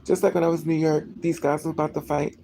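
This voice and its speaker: A vlogger talking straight to the camera in a loose, rambling monologue, with a gravelly, fry-edged voice. The tone is dark and mellow, and the delivery keeps restarting sentences and slipping into acted-out dialogue. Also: medium pitch, fast, a little hiss or hum. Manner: rambling, animated, acts out dialogue, many restarts. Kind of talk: casual storytelling monologue.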